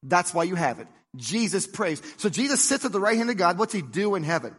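A man preaching a sermon in a fairly high voice. His delivery is animated, and it drops low and soft for the prayers he quotes. A long reverb trails each phrase. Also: fairly quick, breathy edge. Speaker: pastor.

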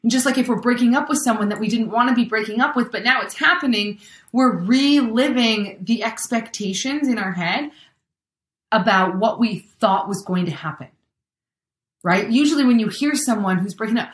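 A woman's voice: a little high, moderate pace, a bit bright, echoey room. A woman giving a chatty motivational talk, acting out everyday scenarios with exclamations.

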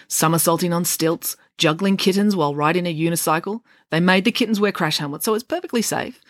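Woman, bedtime story reader, playful deadpan, low voice, lively pitch. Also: no room sound, studio quality. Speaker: children's storyteller.

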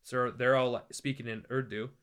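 An American man, a traveling evangelist, telling a story in a podcast interview, animated and joking and acting out the voices of the people he quotes. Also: mid-range voice, moderate pace, clear, resonant tone. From United States. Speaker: evangelist guest. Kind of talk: conversational storytelling.

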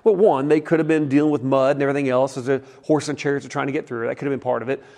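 A middle-aged man preaching a sermon in a folksy, animated way, acting out the quotes in his stories. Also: medium pitch, rapid-fire, creaky. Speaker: pastor. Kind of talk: sermon with storytelling.

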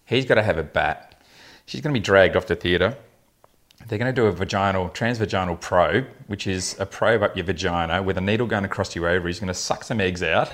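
A man's voice: low-pitched, a little fast, fairly bright tone. A man, a fertility specialist telling blunt, funny patient stories in a casual podcast chat. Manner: anecdotal, laughing often, blunt humour.

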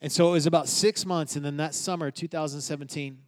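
A man who is a pastor telling a personal story in a sermon, moving between loud, emphatic lines and quiet, hushed ones. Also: a little high, steady tone, fast.

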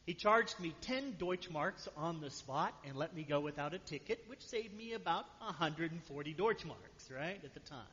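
A man's voice: on the high side, animated, normal speed, hardly any pauses, bright, forceful tone. A man preaching a sermon to his church congregation, talking to them conversationally and often asking "right?". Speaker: pastor. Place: church sanctuary. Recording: dull sound with long hall reverb.

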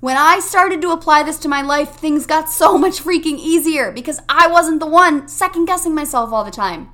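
A woman's voice: high-pitched, moderate pace, sharp tone. A young woman hosting a self-help podcast, talking straight to her listeners in an upbeat, emphatic way. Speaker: podcast host. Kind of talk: motivational self-help monologue.

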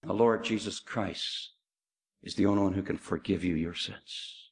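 A middle-aged man preaching an evangelistic sermon, emphatic and pleading, swinging between raised and hushed delivery. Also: deep voice, a little slow.

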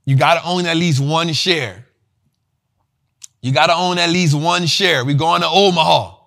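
A male host talks stocks to his live chat in loose slang, repeating lines as he rallies viewers. His voice sits a little high and comes across bright and forceful. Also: moderate pace, gravelly. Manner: slangy, animated, repeats himself. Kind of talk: livestream finance talk.

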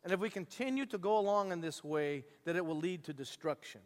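Male pastor, high voice, lively storytelling sermon, long church-hall reverb. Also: brisk. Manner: animated storytelling, acting out the characters' voices.

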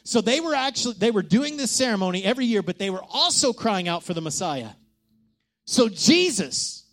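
Brief: male pastor, high voice, animated sermon delivery, hushed-to-loud swings, rhetorical questions.

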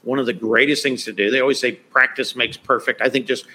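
A man in a casual live-stream chat who talks in a relaxed way, often laughing and tagging his points with "right?". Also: mid-range voice, quick pace. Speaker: LinkedIn expert co-host.

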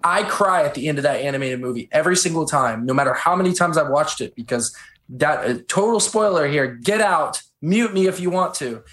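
A man's voice: on the high side, a little fast. A man co-hosting a casual film chat, retelling scenes with feeling and getting choked up. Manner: animated storytelling, gets choked up. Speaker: podcast co-host. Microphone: on camera.

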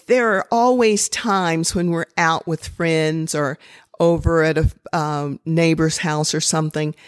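An older woman giving calm, instructive parenting advice, with personal stories mixed in. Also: sits low, no echo, studio quality. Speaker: parenting advisor. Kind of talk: slow, measured advice talk.

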